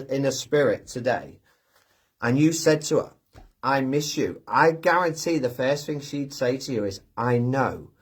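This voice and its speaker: A man hosting a live chat, talking gently and from the heart with many pauses and restarts. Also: medium pitch, breathy edge. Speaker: live stream host. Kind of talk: casual live chat, reading viewer comments.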